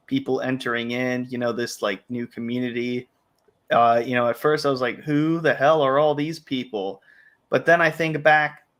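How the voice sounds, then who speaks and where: A man's voice: mid-range voice, a bit bright. A man hosting a late-night livestream, talking casually and rambling with restarts and quoted asides. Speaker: livestream host. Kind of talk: casual chat.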